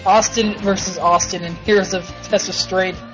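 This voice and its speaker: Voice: medium pitch, fairly even intonation, moderate pace, music in the background. A host of a simulated wrestling show, swearing and ranting in frustration while commentating on play. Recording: dull lo-fi recording.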